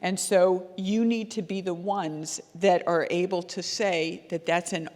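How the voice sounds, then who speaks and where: A woman's voice: on the low side, steady tone, unhurried, darkish tone. Woman educator talking to parents, earnest and chatty, lots of ums, big echoey hall. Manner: earnest, storytelling, with frequent ums and restarts. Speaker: child safety educator giving a talk. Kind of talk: conversational lecture to parents. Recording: long hall reverb.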